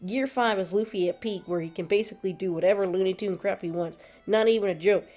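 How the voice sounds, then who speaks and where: A woman's voice: mid-range voice, fast talker, a little mellow. A woman streaming gameplay, chatting casually, laughing often and reading chat aloud. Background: faint background music.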